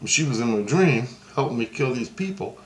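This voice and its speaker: Medium-pitched and animated, this man speaks at a normal speed while casually narrating a dream. His telling is profane and wandering, with many restarts and hand-gesture talk, and the recording has roomy echo and faint ambience.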